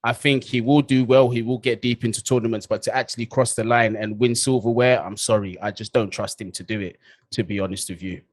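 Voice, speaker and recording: A man's voice: mid-range voice, fairly even intonation, a little fast, dry recording. A man weighs in on a casual football chat with frank, firm opinions. His voice sits in a middle range and sounds close and dry.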